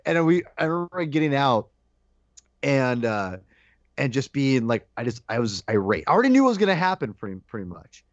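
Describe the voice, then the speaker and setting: A man in casual podcast chat, telling an animated story and acting out his own shouted lines. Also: mid-range voice, a little fast, no echo. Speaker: podcast guest co-host. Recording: dull lo-fi dry sound.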